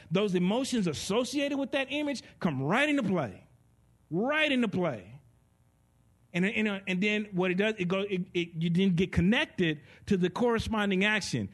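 A man preaching a teaching sermon in an animated way, with sound effects and laughter. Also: on the high side.

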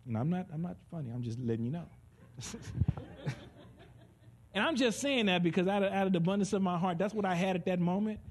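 A man preaching a conversational sermon. He is animated and joking, and swings between soft and loud delivery. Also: high voice, fairly quick, pauses often, a little hiss or hum.

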